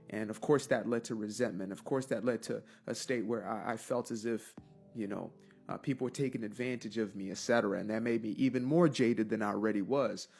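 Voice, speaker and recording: A man with a mid-range, noticeably gravelly voice speaks as he reflects on his past. He pauses and restarts often as he thinks. Soft music plays faintly behind him. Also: mid-range voice. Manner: thoughtful, halting, with fillers and restarts. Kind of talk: personal reflective testimony.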